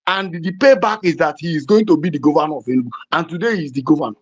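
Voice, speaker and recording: A woman from southeastern Nigeria with a Nigerian accent, hosting fiery, emphatic political commentary that rises to shouting. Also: low voice, very fast, husky. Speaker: host. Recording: dull lo-fi audio.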